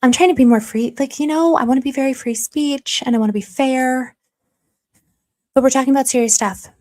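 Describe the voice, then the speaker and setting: A woman's voice: high-pitched, a little fast, mellow. Chatty woman hosting a live stream. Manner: chatty and self-deprecating, reads chat aloud, slips into mock stern warnings. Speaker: livestream commentary host. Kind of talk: casual live-stream chat.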